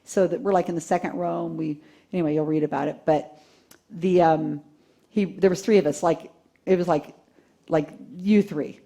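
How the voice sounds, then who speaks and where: A woman giving a live talk to a seated audience, telling a story in an animated way, laughing and acting out quotes. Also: fairly low pitch, moderate pace, vocal fry. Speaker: conference speaker.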